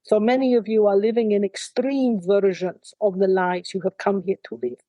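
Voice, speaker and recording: A woman channelling an ancient, wise spirit in trance, speaking in a calm, measured and dryly wry way, at times in a soft, breathy near-whisper. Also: mid-range voice, no echo, dull audio, natural voice. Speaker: trance medium.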